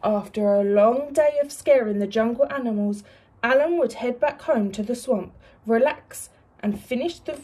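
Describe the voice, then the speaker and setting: Woman teacher, story reading for kids, husky voice, fairly high. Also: moderate pace. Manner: warm, expressive, asks the children questions. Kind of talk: reading a picture book to young children.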